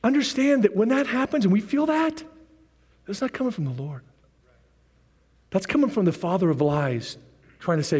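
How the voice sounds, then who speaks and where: A male pastor preaches with animated energy, piling up repeated rallying phrases and dropping joking asides. His voice is a touch higher than most men's, and long reverb trails each phrase through what sounds like a church sanctuary. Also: normal speed, pauses often, breathy edge. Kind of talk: sermon. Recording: long reverb of a large hall.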